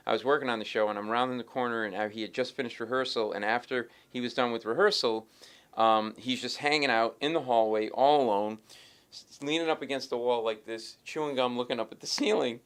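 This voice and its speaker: A middle-aged man, a comedian telling animated stories in an interview and acting out the people in them. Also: medium pitch, clear, resonant tone. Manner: acts out the other people in his stories, quick and lively. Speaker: stand-up comedian, interview guest.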